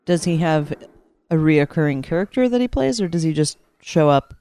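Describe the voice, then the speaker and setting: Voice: mid-range voice, lively intonation, normal speed, dark tone, smooth, no echo. A co-host on a film commentary who throws in joking asides, sitting a little farther from the mic. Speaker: podcast co-host.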